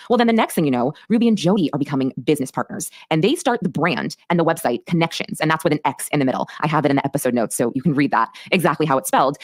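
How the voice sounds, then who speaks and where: A woman hosting a true crime podcast, recapping a case in fast, emphatic storytelling. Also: deep voice, dry recording, studio quality. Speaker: podcast host.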